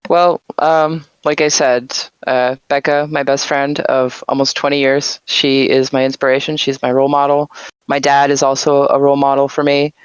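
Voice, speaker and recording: A relaxed woman in her thirties talks in an easygoing, unhurried way as an interview guest. Her voice is smooth and clear, but the mic sounds muffled and lo-fi. The room sounds dry and close. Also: very deep voice, no echo. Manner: laid-back, laughs often. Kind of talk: casual live-stream interview. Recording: dull, muffled lo-fi mic audio.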